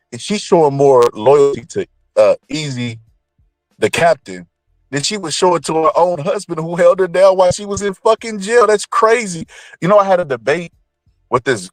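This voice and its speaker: Lively, profane man ranting. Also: mid-range voice, no echo. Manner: blunt, profane, animated ranting. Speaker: commentator. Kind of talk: opinionated celebrity commentary.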